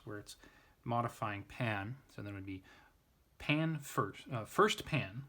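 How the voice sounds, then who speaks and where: A man's voice: mid-range voice, fairly bright tone. A man giving an informal Latin grammar lesson, thinking aloud, often restarting and correcting himself. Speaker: Latin tutor.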